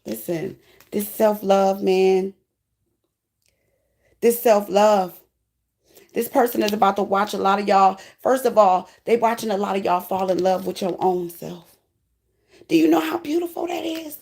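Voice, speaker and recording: A woman's voice: medium pitch, measured pace, vocal fry, pauses often, a little mellow. A woman giving an emotional, preachy spiritual tarot reading, close to tears. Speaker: tarot reader.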